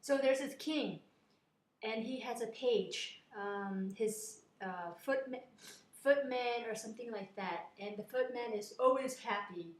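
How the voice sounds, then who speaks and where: A woman's voice: on the high side, unhurried. Woman, casual storyteller, rambling and chatty, echoey room. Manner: chatty, rambling, with fillers and restarts.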